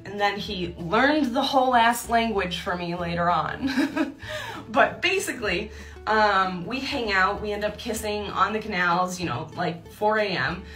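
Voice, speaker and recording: A woman's voice: mid-range voice, a bit bright, reverberant. A young woman telling a personal story in a chatty way, laughing often and acting out her own thoughts. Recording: distant mic with faint music.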